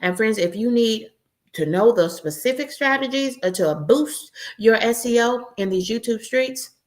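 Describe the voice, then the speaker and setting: A woman's voice: a little high, moderate pace. Upbeat woman host addressing y'all. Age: 40s. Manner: upbeat and preachy, keeps saying y'all and friends. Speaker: YouTube channel host. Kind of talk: casual livestream chat.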